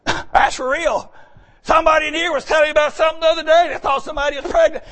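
High-pitched preacher shouting emphatically. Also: male voice, fairly even intonation, fast talker. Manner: shouting, emphatic, storytelling with folksy asides. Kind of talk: sermon.

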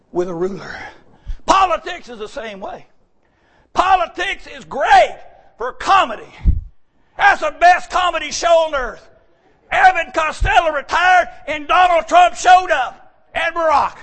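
A male pastor, preaching a sermon in an emphatic, folksy way. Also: extremely high pitch. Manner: emphatic, folksy, bursts into shouting.

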